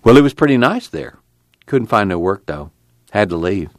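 A man's voice: lowish voice, normal speed, dry recording, studio quality. A man doing a weary drawling farmhand. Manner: flat, blunt, tired. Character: weary plainspoken young farmhand. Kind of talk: audiobook character voice.

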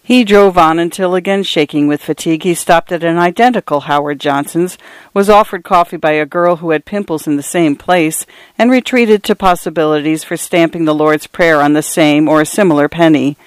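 Smooth-voiced woman reading stories. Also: sits low, no echo. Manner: measured, literary reading. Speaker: radio reader and host. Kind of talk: scripted narration of short stories.

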